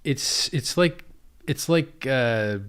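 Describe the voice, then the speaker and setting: A man's voice: medium pitch, expressive, takes it slowly, fairly bright tone, clean tone. Blunt, profane man chatting on a livestream. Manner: blunt, profane, laughs at absurdity. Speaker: livestream guest and crypto founder. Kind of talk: casual livestream chat.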